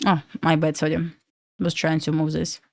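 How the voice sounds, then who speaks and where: A woman's voice: low-pitched, monotone, moderate pace, gravelly, darkish tone, no echo. A young woman from Belarus with a Russian accent, hosting a casual trading livestream and answering questions from chat with lots of fillers.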